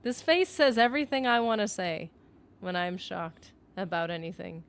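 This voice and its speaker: A young woman streams a game and chats freely to her viewers. She rambles and keeps throwing in "like" as she goes, and her voice sits at a middling pitch. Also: normal speed. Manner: rambling, animated, heavy use of "like". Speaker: gaming streamer. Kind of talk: casual live-stream commentary.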